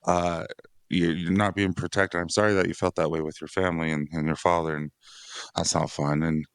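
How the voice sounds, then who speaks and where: A man's voice: low-pitched, little pitch movement, brisk, smooth, dry recording, studio quality. A man who is a father of six, talking casually on a dads podcast, rambling and laughing often. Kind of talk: casual conversation.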